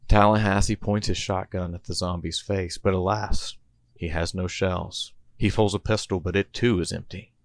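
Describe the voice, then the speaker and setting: A man's voice: low voice, steady tone, normal speed, no room sound. A man and podcast host reading out a comedy story in a playful storytelling manner. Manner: playful storyteller, chuckling between bits.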